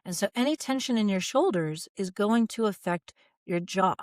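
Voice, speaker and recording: A woman in her forties, a voice teacher, calmly guiding viewers through jaw and shoulder stretches. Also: medium pitch, moderate pace, no room sound, clean studio sound. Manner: calm, guiding, gentle. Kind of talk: instructional video talk.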